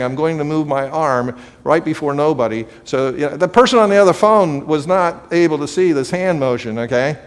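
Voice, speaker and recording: Man lecturing in a reverberant hall. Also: on the high side. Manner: conversational, with filler and anecdotes. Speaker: teacher. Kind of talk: lecture to a live audience.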